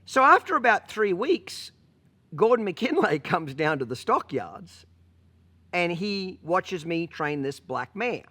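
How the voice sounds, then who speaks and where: A man's voice: high voice, sing-song, takes it slowly, pushed and bright. A man telling a story as a horse trainer, blunt and profane, punctuating points with rhetorical questions. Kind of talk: storytelling vlog.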